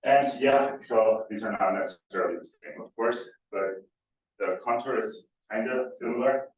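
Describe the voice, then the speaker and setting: A man's voice: lowish voice, normal speed. A man giving an academic conference talk, hesitant with many fillers and restarts. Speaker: conference speaker. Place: lecture room. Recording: distant mic, echoey room, dull audio.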